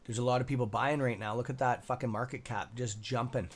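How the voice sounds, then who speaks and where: A young man hosting a live trading stream, reading chat and reacting with excitable, profane commentary and muttered asides. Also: medium pitch, a little fast. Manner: excitable, profane, talks to viewers by nickname; mutters asides to himself under his breath. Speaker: stock trading livestream host.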